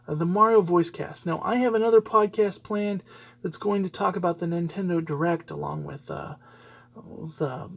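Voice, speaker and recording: A man's voice: high voice, vocal fry. A man hosting a solo podcast, giving rambling, opinionated commentary full of fillers and restarts. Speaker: podcast host.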